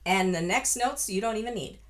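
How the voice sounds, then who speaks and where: A woman's voice: medium pitch, brisk. A woman vocal coach from the United States giving a chatty, encouraging singing lesson, breaking into full-voiced sung examples.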